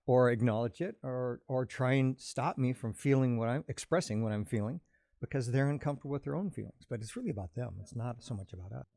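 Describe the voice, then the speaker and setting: A man in an earnest, reflective conversation about emotions, explaining his view calmly. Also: mid-range voice, fast, vocal fry, no echo, clean studio sound. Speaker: podcast host.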